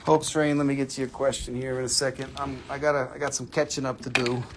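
A man's voice: mid-range voice, level tone, fast, noisy background. A man hosting a live sale stream from a phone indoors, chatty and playful as he rattles off prices. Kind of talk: casual live-stream selling. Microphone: phone camera.

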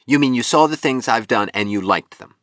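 A man's voice: fairly low pitch, big pitch swings, moderate pace, fairly bright tone, dry recording, clean studio sound, voice pushed up. A man voicing a broken, pleading young sculptor. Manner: pleading, suspicious, voice cracking. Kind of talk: audiobook reading.

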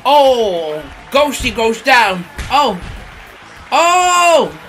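A high, bright-voiced British man who bursts into shouts while calling a pretend wrestling brawl. His play-by-play is slow and drawn out, swinging between excited yells and quiet mumbles. Music plays behind him. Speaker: comic wrestling commentator. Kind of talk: over-the-top play-by-play commentary.

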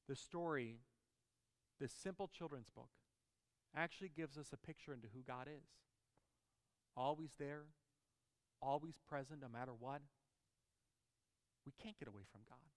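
A man's voice: mid-range voice, measured pace, pauses often. Emphatic pastor, man, echoing sanctuary. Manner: emphatic, asks the congregation questions. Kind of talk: sermon.

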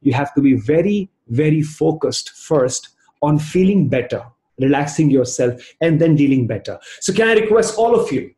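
A man giving a lively motivational training talk over a video call, telling stories and calling on participants by name. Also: a little high, moderate pace, echoey room. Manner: animated storytelling, addresses participants by name. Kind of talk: virtual training session talk.

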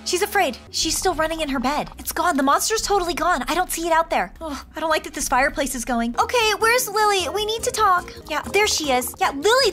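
A woman hosting an excited let's-play, reacting dramatically with squeals and gasps. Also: extremely high pitch. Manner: dramatic, squealing and gasping at scares. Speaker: gaming video host. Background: game music.

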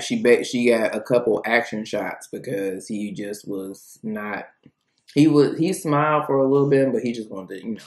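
Chatty woman tasting food in an echoey room. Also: a bass voice. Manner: chatty, rambling, thinks aloud between bites. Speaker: food reviewer. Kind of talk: casual food tasting vlog.

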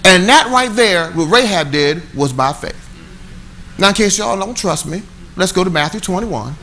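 A middle-aged man, preaching a conversational, animated sermon with call-and-response to a church. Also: sits high, normal speed, a little hiss or hum, rough recording. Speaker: pastor. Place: church sanctuary.

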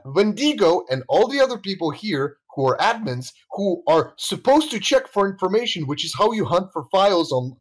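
A man's voice: high-pitched, rough recording. A man hosting a voice call, talking bluntly and swearing, checking facts with the others as he goes. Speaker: channel host leading a voice call. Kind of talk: casual heated call chat. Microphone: voice chat call.

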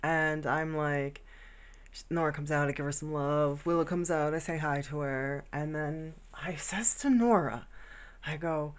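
A woman's voice: deep voice, fairly even intonation, measured pace, clean tone. A woman casually telling a rambling, affectionate story about her pets at home. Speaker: vlogger. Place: home bedroom.

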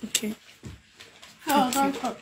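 A woman's voice: sits high, slow pace. Crying Nigerian woman pleading over music. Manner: pleading, repetitive, emotional. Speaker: mother pleading for help. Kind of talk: tearful public appeal. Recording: loud music behind voice.

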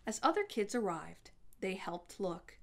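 A woman reading a children's story aloud as storyteller, with an expressive delivery. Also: mid-range voice, unhurried, gravelly.

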